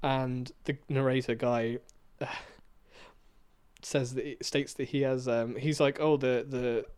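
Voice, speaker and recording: A man co-hosting a podcast, rambling through a story with restarts and trailing off quietly at the ends of thoughts. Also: mid-range voice, level tone, takes it slowly, smooth. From England. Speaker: podcast co-host. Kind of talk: casual chat.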